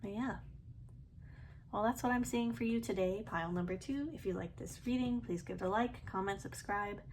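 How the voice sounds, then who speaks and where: A woman's voice: mid-range voice, normal speed, slight background noise. A woman giving a casual, chatty tarot reading to her viewers, with loose fillers and a slightly itchy throat. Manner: chatty, relaxed, many fillers and soft laughs. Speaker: tarot reader.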